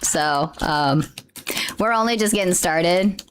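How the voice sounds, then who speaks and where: A woman's voice: lowish voice, slow pace, a little hiss or hum. A woman streamer chatting casually on a livestream while unboxing merch. She gushes and exclaims often. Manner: gushing, excitable, exclaims often.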